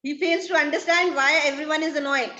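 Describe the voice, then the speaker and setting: Speaking a little fast with a sharp tone and fairly even intonation, a high-voiced woman teaches English literature in an echoey room. She explains a play line by line, putting each into her own words and raising questions only to answer them herself.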